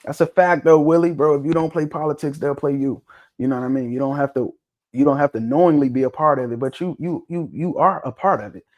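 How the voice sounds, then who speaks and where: A man hosting a casual talk show discussion, talking bluntly and swearing freely, with an animated, preaching tone. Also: on the high side, fast. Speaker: podcast host.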